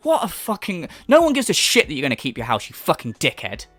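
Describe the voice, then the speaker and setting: A man's voice: on the high side, wildly swooping pitch, fast, fairly bright tone, no room sound, faint music behind. A man hosting a commentary rant, profane and mocking, sarcastic about the person he is discussing. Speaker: commentary channel host.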